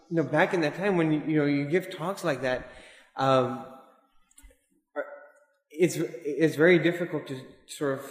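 A man giving an informal religious lesson, talking in a relaxed, digressive way and dropping in Arabic and Urdu terms. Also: medium pitch. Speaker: Islamic teacher. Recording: echoey hall with long reverb.

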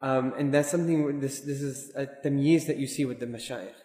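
A man's voice: mid-range voice, a little fast, mellow. Man teaching in an echoey hall. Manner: conversational, digressive, mixes in Arabic and Urdu terms. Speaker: Islamic teacher. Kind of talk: informal religious lesson. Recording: echoey hall with long reverb.

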